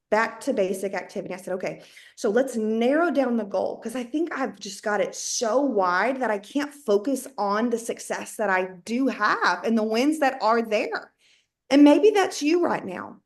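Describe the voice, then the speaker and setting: A woman with a Southern accent, around her thirties, giving an animated motivational talk to her sales team and acting out her own inner voice as she talks. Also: a little high, moderate pace. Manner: animated, talks to herself and the listener, plays out inner dialogue. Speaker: network marketing team leader.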